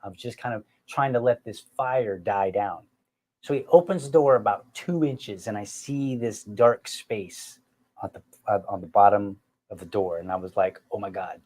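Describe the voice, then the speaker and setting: Animated middle-aged man telling stories. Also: fairly low pitch, moderate pace. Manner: animated, self-deprecating storyteller addressing listeners as folks. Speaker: podcast host. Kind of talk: casual storytelling chat.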